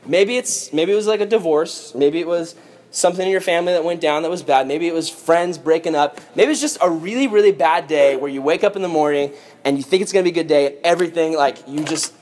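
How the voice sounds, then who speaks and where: A male youth pastor telling a sermon story with jokes and playful asides. His voice sits high for a man and he keeps it animated. The tone is casual and comic. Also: fast, a little hiss or hum.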